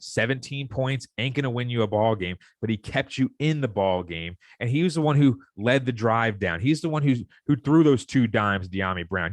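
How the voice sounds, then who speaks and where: A young man co-hosting a sports podcast. He rants in a heated, fired-up way at a mid pitch. His voice sounds close and dry, with no room echo. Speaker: podcast co-host. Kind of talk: casual sports podcast rant.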